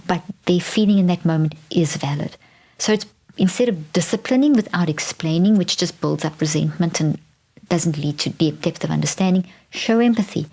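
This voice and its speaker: A woman with a low speaking voice hosts a podcast and explains parenting advice to listeners. She talks conversationally and restarts her sentences, and at times she lowers her voice to a soft whisper. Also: slightly rough. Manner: drops to a soft whisper when modeling gentle phrases. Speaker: podcast host. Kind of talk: teaching talk to parents.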